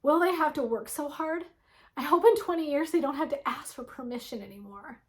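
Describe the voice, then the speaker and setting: Forties woman vlogging, kinda high voice, fired up and swearing, preachy pep talk. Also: fairly quick. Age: 40s. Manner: fiery, blunt and profane, preachy pep talk. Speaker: wellness vlogger. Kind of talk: impassioned motivational vlog.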